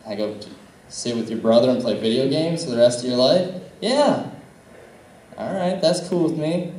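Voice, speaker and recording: In a comedy club, a young Midwestern American man does a stand-up set of crude, casual stories, acting out the dialogue. His mid-range voice is animated and a little mellow at normal speed, picked up from a distance in an echoey room with slight background noise.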